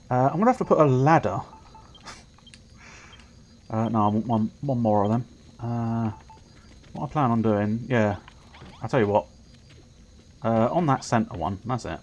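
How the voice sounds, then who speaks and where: A man's voice: mid-range voice, a little slow, pauses often, darkish tone. A man casually commentating a video game stream, crude and jokey. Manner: crude, jokey, laughs a lot.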